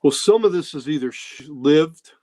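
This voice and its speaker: A man hosting a podcast, talking candidly and emotionally in casual comic-book commentary, with halting pauses. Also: fairly high pitch, expressive, darkish tone. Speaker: podcast host.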